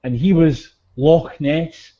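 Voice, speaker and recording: A man's voice: a little high, slow. A man co-hosting a podcast, telling stories in casual chat and swearing freely. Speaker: podcast co-host. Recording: dull lo-fi audio.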